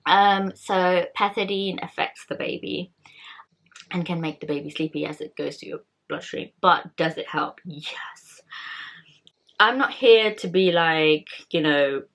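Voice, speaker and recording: A woman's voice: lowish voice, unhurried, a bit bright, a little hiss or hum. A young woman vlogger in casual chat, talking candidly and rambling with many fillers and restarts.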